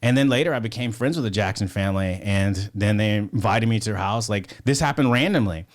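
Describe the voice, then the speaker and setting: A man's voice: lowish voice, brisk. A man telling a story as a podcast guest, in a rambling, profane way full of "like" and "you know". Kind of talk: casual storytelling.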